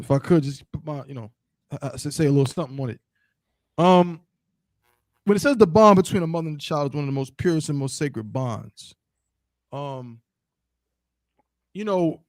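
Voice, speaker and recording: A man with a slightly raised voice reads aloud haltingly, stumbling over words, then chats in a loose, casual way. The sound is dry and close. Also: a little high, a little mellow, no echo. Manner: affirming interjections, halting reading. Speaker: podcast co-host. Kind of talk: casual chat and reading aloud.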